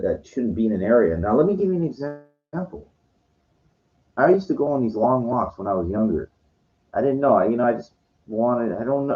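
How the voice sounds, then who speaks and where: A man talking in a meandering, profane vlog monologue, full of "you know" and "like". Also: fairly low pitch. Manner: meandering, profane, heavy with fillers. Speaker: vlogger. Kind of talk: rambling monologue. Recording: dull lo-fi sound.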